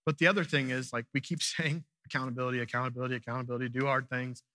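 A man's voice: medium pitch, fast talker, pushed and bright, no room sound. A man in his thirties preaching a sermon, telling a family story in a conversational way and acting out the lines of his wife and daughter. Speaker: pastor.

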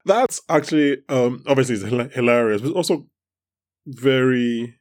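A man hosting a podcast in a pub, asking questions in a relaxed way with lots of fillers. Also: mid-range voice, normal speed. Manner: casual, filler-heavy questioning. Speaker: podcast host. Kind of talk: casual podcast interview.

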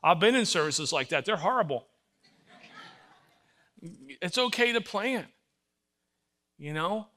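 Animated older man preaching a sermon. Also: high-pitched, slow, pauses often. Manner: animated storytelling, acts out voices, emphatic. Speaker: pastor.

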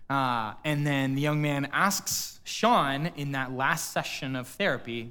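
Man preaching, hushed storytelling pastor. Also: medium pitch, measured pace, hardly any pauses, clean tone. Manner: storytelling, quiet and hushed at emotional quotes, rising when addressing the church. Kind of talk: sermon. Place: church auditorium.

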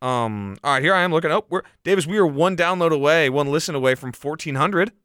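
A man co-hosting a casual podcast, talking fast and excitably, laughing easily. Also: fairly high pitch, clean tone, dry recording, clean studio sound. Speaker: podcast co-host. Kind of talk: casual chat.

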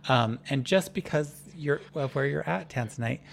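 A man narrating as game master of a tabletop game, describing the scene in a halting, drawn-out way. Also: medium pitch, gravelly, slight background noise.

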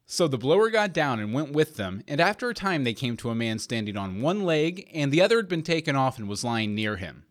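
A man narrating an old fairy tale in a measured, expressive reading. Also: mid-range voice. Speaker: reader. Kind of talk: storybook narration.

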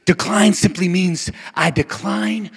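A male pastor preaching a passionate sermon, with a repetitive, rhythmic cadence that swings from shouting down to near-whispers. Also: high voice, steady tone, takes it slowly, husky. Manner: repetitive, call-and-response cadence. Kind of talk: Easter Sunday sermon.

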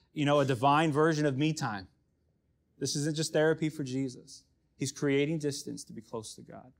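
A man preaching a sermon as pastor, conversational and self-deprecating, often dropping to a hush for emphasis. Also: medium pitch.

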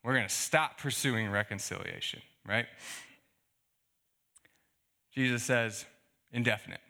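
A man's voice: mid-range voice, a little slow, gravelly. A male pastor giving a conversational sermon, reading scripture and explaining it with rhetorical questions. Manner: conversational, animated preaching with fillers and rhetorical questions.

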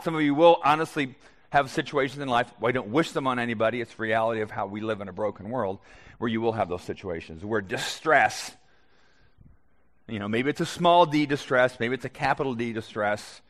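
A male pastor preaches a sermon in an easygoing, conversational way, lifting into animated bursts now and then. His voice sits at an ordinary pitch for a man. It rings out in a church sanctuary with a long, lingering reverb. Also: fairly quick. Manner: conversational, animated at times, with restarts. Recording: long echo of a church hall.

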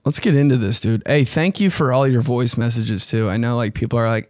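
A young man hosting a casual podcast, talking loosely and profanely and jumping about in pitch. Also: brisk, few pauses, dry recording, studio quality. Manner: loose, profane and animated, with sudden jumps in pitch. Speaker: podcast host. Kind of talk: casual solo podcast chat.

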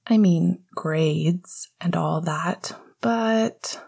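A woman voicing a tender, guarded young man in a hushed, halting whispered role-play. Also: fairly low pitch, gravelly, breathy edge, heavily acted.

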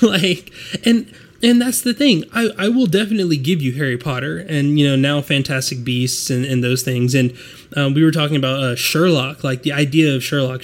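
A man from the United States in a casual chat, animated and laughing, acting out quotes as he talks. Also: a little high.

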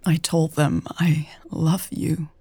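A woman voicing a hurt, tearful young woman, speaking slowly and in a breathy whisper, while reading an audiobook. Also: low voice, little pitch movement, warm tone, dry recording, heavily acted. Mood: sad, tearful.

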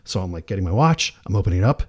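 A man on a casual podcast telling an animated story, acting out the people in it and laughing often. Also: sits low, rapid-fire. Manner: acts out quoted voices, laughs often, restarts. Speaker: podcast co-host.

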